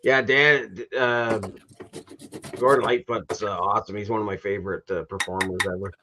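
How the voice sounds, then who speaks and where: A man's voice: fairly low pitch, steady tone, moderate pace, background noise. A middle-aged man chatting casually on a livestream, telling stories and laughing often. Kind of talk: casual chat.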